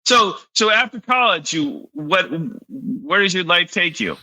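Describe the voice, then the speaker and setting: A man hosts a relaxed podcast interview and nudges his guest along with playful questions. His voice is very bright and sits fairly high, and his pitch swings a lot. The recording is dry and close. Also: measured pace, no echo, low-quality recording. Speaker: podcast host. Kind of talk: casual interview chat.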